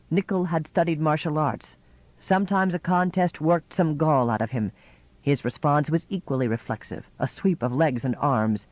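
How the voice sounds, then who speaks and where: A man reading a novel aloud in measured, scripted narration. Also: fairly high pitch, no echo, highs cut off. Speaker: audiobook narrator.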